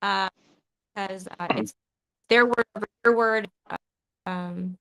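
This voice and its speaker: A woman's voice: medium pitch, steady tone, slow, a bit bright, no room sound, poor audio. A woman hosting a live podcast, talking in an emotional, profane way and often stopping and restarting her sentences. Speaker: podcast host.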